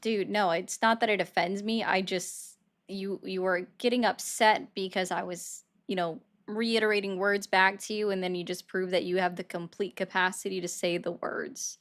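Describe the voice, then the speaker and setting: A woman's voice: medium pitch, fairly even intonation, moderate pace, fairly bright tone. A woman hosting a live call-in stream about politics, talking to callers in a sarcastic, mock-innocent way. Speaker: stream host.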